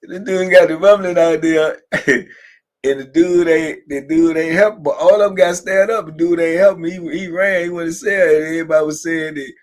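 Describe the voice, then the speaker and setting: A man's voice: on the high side, steady tone, normal speed. A man hosting a livestream, telling loose, laughing stories and answering viewer comments as he goes. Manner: laughing, loose conversational storytelling with frequent asides. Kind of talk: casual storytelling to a live chat.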